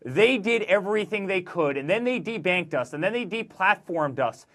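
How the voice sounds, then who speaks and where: A man in his forties, a guest author in a political interview, talking emphatically in rapid-fire lists. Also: high-pitched, animated, a bit bright.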